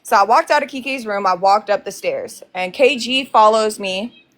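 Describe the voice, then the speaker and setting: A woman's voice: mid-range voice, moderate pace, fairly bright tone. A woman casually recounting a heated fight with many fillers and restarts. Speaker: guest telling her side.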